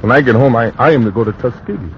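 An actor playing an earnest young soldier who speaks softly, in 1940s radio acting. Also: male voice, medium pitch, racing, slight background noise, close to an everyday voice. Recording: dull radio recording, shellfire behind.

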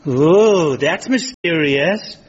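An actor playing a cheeky, eager young shop assistant in a radio comedy. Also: male voice, a little high, lively intonation, drawn-out words, slightly rough, heavily acted. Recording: muffled recording.

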